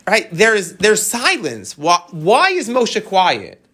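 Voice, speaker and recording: A man teaching a text study class, animated and tossing rhetorical questions to his students. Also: high-pitched, slow, slightly rough.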